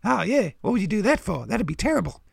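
Cast a brash Australian crow: heavy fry, swooping lively delivery, close dry sound. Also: male voice, sits high, fast talker, no echo, heavily acted. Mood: cheeky. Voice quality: gravelly. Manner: brash, teasing, drawled "mate" and "g'day" slang. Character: cheeky know-it-all male Australian crow. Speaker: regular fact-telling puppet character.

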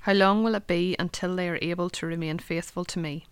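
A woman reading a Bible passage aloud in a clear, measured way. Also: lowish voice, fairly even intonation, dry recording. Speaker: scripture reader.

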